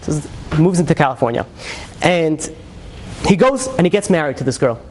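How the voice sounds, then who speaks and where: A man, a rabbi, telling a dramatic story in a sermon, with lively, conversational storytelling that swings into character voices. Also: normal speed, slight background noise. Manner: animated storyteller, acts out characters with shifts in pitch; conversational, many fillers.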